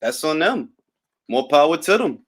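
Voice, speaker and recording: A man's voice: a little high, sing-song, moderate pace, a bit bright. Young Harlem man, New York accent, livestream boxing host; laid-back drawl, wry and cocky. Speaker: boxing talk host reading live chat. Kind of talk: casual livestream chat.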